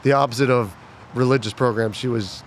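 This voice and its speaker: A man in casual podcast chat with a mid-range voice, telling lively stories. He bursts into shouted impressions of a drill instructor. Faint urban traffic noise sits in the background. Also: mid-range voice, brisk. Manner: animated storyteller, mimics shouting drill instructor. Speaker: podcast co-host.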